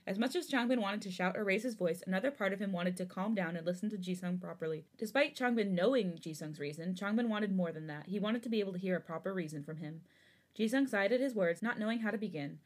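A woman's voice: mid-range voice, fast. A woman podcast host narrating fan fiction aloud in an earnest storytelling manner.

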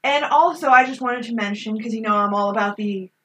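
A woman co-hosting a casual film review podcast, animated and swearing freely. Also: fairly high pitch, fairly quick, recorded from a distance, a little hiss or hum. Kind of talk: casual chat.

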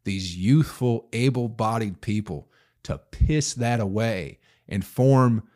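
A man's voice: fairly low pitch, expressive, slow, darkish tone. A man in his thirties hosting a solo podcast, rambling through a story and ranting with profanity, rhetorical questions and sudden bursts of emphasis. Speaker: podcast host. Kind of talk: casual solo podcast rant.

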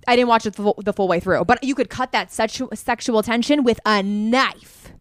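A woman co-hosting a podcast, chiming in with quick, enthusiastic reactions in casual chat. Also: a little high, no room sound, studio quality. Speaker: podcast co-host.

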